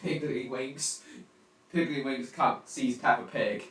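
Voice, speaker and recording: A teenage boy chats casually on a home live stream, answering his viewers' messages as they come in. His mid-pitched voice sits some distance from the mic, in a room with a noticeable echo. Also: fairly even intonation, slow, a bit bright. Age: teens. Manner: chatty, reacting aloud to viewer chat messages. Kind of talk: casual live-stream chat while gaming.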